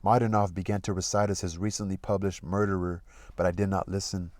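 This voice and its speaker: A man reads a classic novel aloud in a very low, deep voice. He stops now and then to re-read a passage and muse about it casually. The sound is close and dry, with no room echo. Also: little pitch movement, fairly quick, a little mellow. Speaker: reader of a literary audiobook channel. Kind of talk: reading a novel aloud with commentary.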